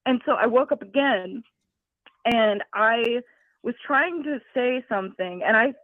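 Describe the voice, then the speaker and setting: A woman's voice: on the high side, a little slow, no room sound. A woman calling in to a show to tell a personal story, giggly and scattered, heard over a tinny phone line. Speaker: caller. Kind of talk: telling a personal story on a call-in.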